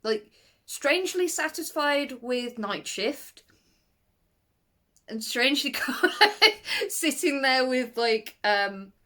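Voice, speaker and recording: A woman chatting casually in a video book review, animated and rambling, with nervous laughs and sudden high-pitched exclamations. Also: slow.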